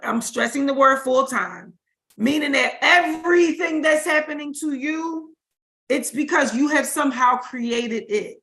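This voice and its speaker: A high, bright woman's voice giving a spiritual talk on a livestream. She speaks in loose, casual vernacular and leans on repetition to drive her points home. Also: measured pace. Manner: informal, emphatic, repeats for stress. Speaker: spiritual teacher.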